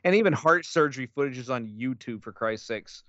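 A man's voice: mid-range voice, expressive, a little fast, fairly bright tone, no echo, highs cut off. A man co-hosting a casual podcast, sardonic and profane, sometimes reading aloud from a book. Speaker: podcast co-host.

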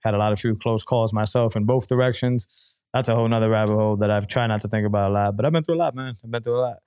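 Rapid, candid male podcaster telling his story, dry close-mic sound. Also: lowish voice, smooth, dry recording. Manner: candid, fast-talking, animated storyteller. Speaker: podcast host and guest. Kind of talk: casual podcast conversation.

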